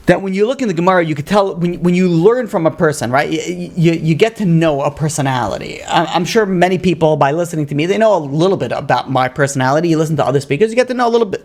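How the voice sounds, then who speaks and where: A man, a rabbi, teaching a lively Torah class, asking rhetorical questions and acting out story dialogue with Hebrew terms mixed in. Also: a little high. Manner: sprinkles Hebrew and Aramaic learning terms. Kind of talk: lively lecture.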